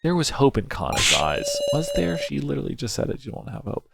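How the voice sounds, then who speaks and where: A man's voice: medium pitch, big pitch swings, fairly quick, gravelly, very noisy. A man playing through a story game, commenting anxiously, swearing, and reading some lines half in character. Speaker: game streamer. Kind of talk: let's play commentary, reading dialogue aloud. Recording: music playing behind. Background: game music.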